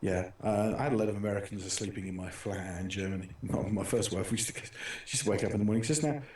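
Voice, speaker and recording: A man's voice: on the low side, fairly even intonation, very fast, a little mellow, heavy reverb, recorded from a distance. A middle-aged British man hosting a casual talk show, telling stories in a rambling way with many restarts and fillers. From Britain. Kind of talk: casual chat.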